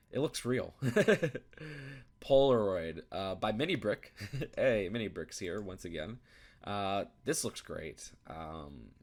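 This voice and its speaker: A young man giving casual commentary, thinking aloud with many fillers and restarts. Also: fairly low pitch. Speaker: YouTube reviewer. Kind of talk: casual commentary while browsing.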